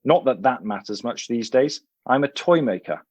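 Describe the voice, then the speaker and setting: A man's voice: mid-range voice, expressive, moderate pace, a little mellow, dry recording, highs cut off, lightly acted. A man voicing a fussy, prim elderly English professor with a clipped English accent. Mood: huffy. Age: older.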